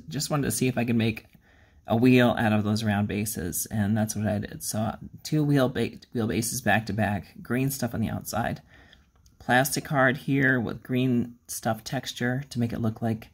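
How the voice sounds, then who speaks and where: A man hosting a miniature-painting channel, talking casually in a rambling, self-deprecating way, with plenty of ums and uhs. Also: mid-range voice. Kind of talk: casual hobby vlog.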